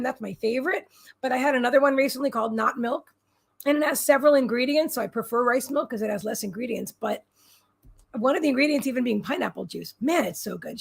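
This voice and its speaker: Streaming casually from home, this psychic reader talks through viewers' comments out loud, bubbly and rambling. Her voice is high, creaky, and a bit bright.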